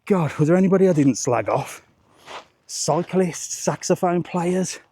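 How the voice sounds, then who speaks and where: A man's voice: high voice, lively intonation, unhurried, mellow. A man, chatting rambling and jokey on a live walking vlog outdoors, swearing casually, into a handheld phone. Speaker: travel vlogger.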